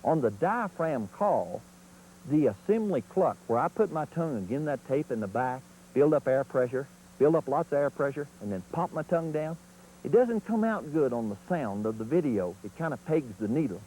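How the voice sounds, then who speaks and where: A man's voice: medium pitch, animated, moderate pace, mellow, slight background noise, rough recording. A man teaching turkey calling in an instructional video, in a folksy, plain-spoken way.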